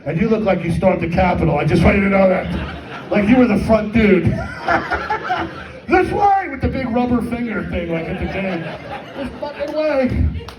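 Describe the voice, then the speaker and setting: A man's voice: high voice, a little fast, background noise. Crude stand-up man in echoey hall. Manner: crude, rambling, self-mocking crowd work. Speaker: stand-up comedian. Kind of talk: stand-up comedy set. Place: comedy fundraiser hall with live audience. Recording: echoey hall with audience, mic at a distance.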